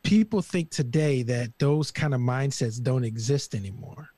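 A man talking in a casual panel discussion in a slangy, animated, emphatic way. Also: medium pitch, normal speed, no echo. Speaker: regular panelist.

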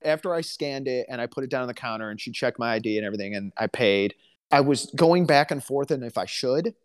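This is a podcast co-host from Alabama, US, telling stories with dry wit in a chatty, casual conversation. He talks at a quick pace in a clean, medium-pitched voice.

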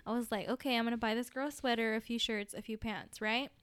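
A young woman chatting casually on a podcast, telling stories in an animated way and acting out the voices she quotes. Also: fairly high pitch, fast, clean tone, dry recording. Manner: animated storytelling, acts out quoted voices, many fillers. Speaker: podcast guest. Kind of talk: casual chat.

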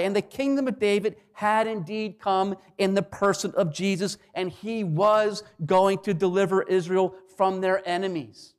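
A man preaching a sermon, swinging between loud declarations and hushed, quiet lines. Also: sits high, fairly even intonation, a little slow, hardly any pauses, clean tone. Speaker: pastor.

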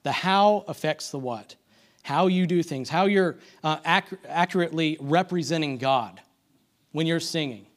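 A man's voice: on the high side, moderate pace. A man giving a conversational sermon, full of restarts and self-deprecating asides, asking the congregation for amens. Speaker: church speaker.

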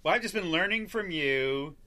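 An older man co-hosting a relaxed podcast chat. He sounds agreeable and chuckles easily, and his bright voice swings widely in pitch. His pitch sits a touch high. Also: moderate pace. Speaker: podcast co-host.

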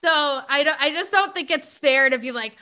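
High, bright-voiced woman chatting casually. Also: expressive, moderate pace. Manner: chatty, many fillers like "like" and "you know". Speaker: podcast host. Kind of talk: casual chat.

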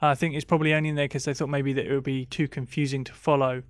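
A man in casual film discussion, agreeable and hesitant, often pausing with fillers. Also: mid-range voice, little pitch movement, dry recording, clean studio sound. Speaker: film podcast co-host.

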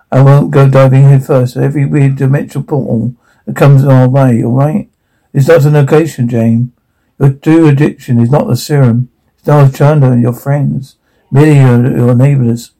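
Gravelly husky man reading captions. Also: medium pitch, fairly even intonation, normal speed, warm tone, poor audio. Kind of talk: reading subtitles and sound captions aloud.

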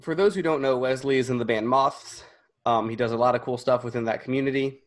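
A man's voice: mid-range voice, fast talker. A man with a lisp hosting a casual podcast chat, who rambles a little and restarts his sentences. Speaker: podcast host.

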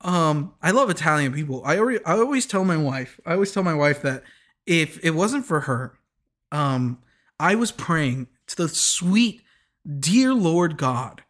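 A man recapping a TV show in loose, rambling chat, quick to laugh at his own jokes. His voice sits a little on the high side. He trips over his words and restarts sentences as he goes. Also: expressive, a bit bright. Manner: restarts and corrects himself often.

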